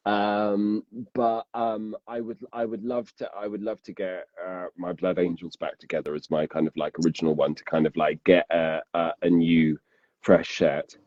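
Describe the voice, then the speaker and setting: A man's voice: sits low, flat delivery, normal speed, dry recording, highs cut off. A man, a narrator and podcast guest, talking casually and rambling, restarting sentences and laughing often.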